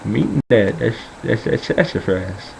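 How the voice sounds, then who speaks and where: A young man voicing his crude old grandfather in a gruff drawl. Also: lowish voice, animated, moderate pace, a little mellow, a little hiss or hum, rough recording. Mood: matter-of-fact. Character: rowdy old Southern grandpa, blunt and crude.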